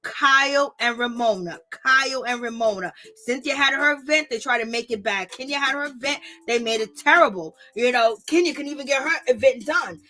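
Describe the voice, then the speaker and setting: A young woman reviewing reality TV in her vlog talks a little fast in a high-pitched voice, with few pauses. Addressing viewers directly, she rants in an exasperated, animated way, heavy on slang.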